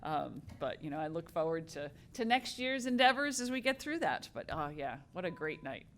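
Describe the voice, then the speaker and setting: Low-voiced woman, hesitant meeting host. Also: sing-song, normal speed, a bit bright. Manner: hesitant, many fillers. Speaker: meeting moderator. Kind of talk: introducing speakers at a community meeting.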